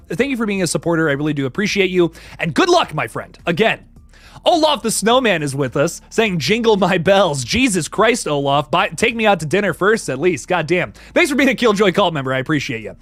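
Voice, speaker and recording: A man's voice: sits high, a bit bright, no room sound. A man hosting a casual livestream, chatty and laughing often as he greets viewers in the chat. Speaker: livestream host.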